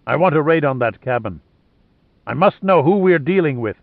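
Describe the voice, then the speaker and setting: A man's voice: on the high side, animated, normal speed, vocal fry, dry recording, pitched above the performer's own voice. A man reading a ruthless male henchman commander who gives stern, clipped orders. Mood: commanding. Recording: narrow phone-like sound.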